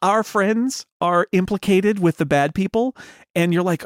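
A man hosting a casual chat, chatty and hesitant with many fillers, with a gravelly voice. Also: high voice, measured pace, no echo, studio quality. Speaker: podcast host.

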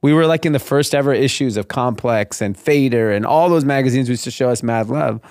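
In a casual interview, a man in his thirties from LA's Granada Hills who founded a clothing brand lively acts out the people in his business story. He talks fairly quickly in a medium-pitched voice, with clean studio sound and no echo.

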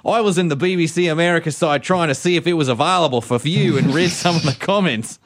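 Fast-talking man, slightly high voice, profane ranting podcast host. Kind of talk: casual chat.

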